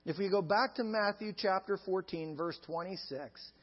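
High-voiced pastor preaching in a reverberant hall. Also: male voice, normal speed, husky. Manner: emphatic, repetitive preaching cadence. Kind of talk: sermon. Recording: dull lo-fi sound with long reverb.

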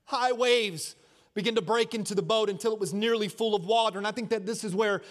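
High-voiced preacher man in a reverberant hall. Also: a little fast. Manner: dramatic preaching, swinging from shouts to hushed asides; repetitive rhythmic phrasing. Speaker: pastor. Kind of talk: sermon.

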